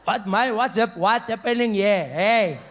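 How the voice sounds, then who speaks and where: A man voicing a drunk, loud, bewildered uncle who shouts his questions. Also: sits high, a little slow. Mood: drunk bluster.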